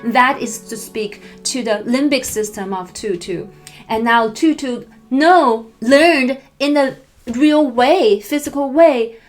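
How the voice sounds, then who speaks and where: Woman, therapist, educational talk, gentle, soothing, fairly high-pitched. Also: slow, faint music behind. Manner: gentle, soothing, with frequent restarts.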